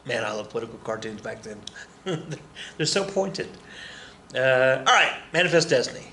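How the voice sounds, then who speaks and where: A male history teacher gives a casual, joking classroom lecture, often correcting himself as he addresses his students. His mid-range voice is sharp with lively intonation at a moderate pace, in an echoey room with a little hiss or hum.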